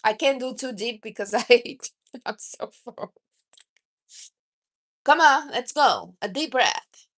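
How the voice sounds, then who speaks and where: Bright-voiced woman giving blunt advice. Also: a little high, lively intonation, unhurried. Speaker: livestream host. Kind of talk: casual livestream chat.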